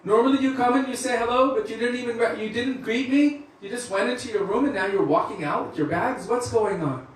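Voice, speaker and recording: A man voicing a worried, loving mother in a devotional story, speaking high and fast. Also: slight background noise. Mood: alarmed. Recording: echoey room from far off.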